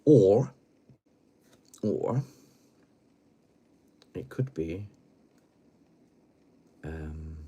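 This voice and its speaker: A man hosting a late-night live stream from home, chatting in a rambling, giggly, playful way, swinging between loud bursts and mumbles. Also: low-pitched, expressive, extremely slow, long pauses, breathy edge, muffled recording. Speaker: livestream host.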